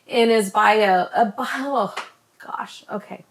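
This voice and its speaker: A woman chatting to her camera as a vlogger, rambling with many ums and tripping over words when she talks fast. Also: mid-range voice. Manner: says she stutters when talking fast. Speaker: vlogger recommending creators. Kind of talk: casual chat to camera.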